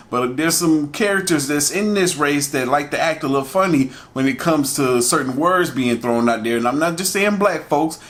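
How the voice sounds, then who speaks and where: A man's voice: a little high, a bit bright. Chatty male reaction-video host. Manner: loose, chatty, laughs often. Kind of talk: casual reaction commentary.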